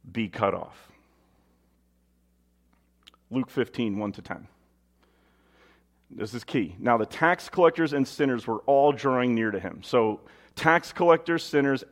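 A man preaching a sermon, reading scripture aloud and asking rhetorical questions in a conversational way. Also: mid-range voice.

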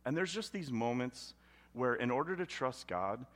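A man's voice: mid-range voice, lively intonation, normal speed. Male pastor, conversational sermon delivery, mid-range voice, dynamic volume swings. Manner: conversational, swinging between loud emphasis and hushed intensity.

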